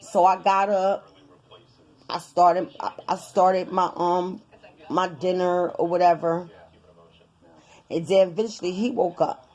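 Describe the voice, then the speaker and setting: A woman vlogger telling a personal story to her viewers in a casual, animated way. She swears freely, repeats herself for emphasis and keeps talking straight to her audience. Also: fairly low pitch, slow, pauses often. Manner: animated, profane, addresses viewers directly with lots of repetition.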